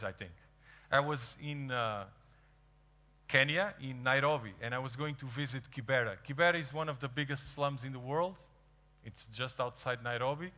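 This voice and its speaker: A man with a Portuguese accent, a native Portuguese speaker, giving an animated storytelling talk to an audience and acting out quoted dialogue. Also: mid-range voice. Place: large event hall. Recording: reverberant hall.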